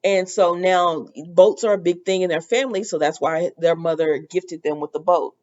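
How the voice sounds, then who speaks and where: A woman's voice: on the low side, fairly even intonation, normal speed, darkish tone, dull audio. A woman hosting a casual soap opera recap, chatty and opinionated, with lots of fillers.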